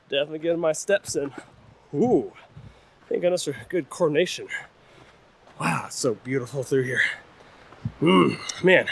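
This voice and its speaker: A man's voice: a little high, moderate pace, creaky, long pauses. Breathless young man vlogging a windy hike. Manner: chatty, self-deprecating, talks to viewers while walking. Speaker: hiking vlogger. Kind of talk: casual vlog narration while hiking. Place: rocky mountain trail outdoors, windy. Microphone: camera-mounted shotgun mic. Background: wind.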